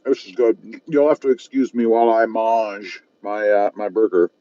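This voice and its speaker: A man's voice: fairly low pitch, fairly even intonation, moderate pace, warm tone, no room sound, muffled recording. A man from South Texas chatting casually on a live stream from his parked car while eating and reading viewer comments aloud, self-mocking and easygoing. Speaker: car channel host reading live chat. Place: parked car at a fast-food restaurant.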